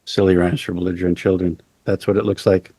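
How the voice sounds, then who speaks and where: A man as an interview guest, talking casually in a halting way with many fillers and deadpan jokes. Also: low-pitched, slightly rough, no echo, clean studio sound. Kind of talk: casual conversation.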